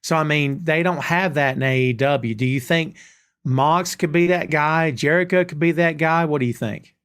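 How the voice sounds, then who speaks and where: A man's voice: a little high, moderate pace, a bit bright, clean tone. Opinionated man hosting a podcast. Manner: opinionated, talks straight to listeners. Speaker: podcast host. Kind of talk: casual chat.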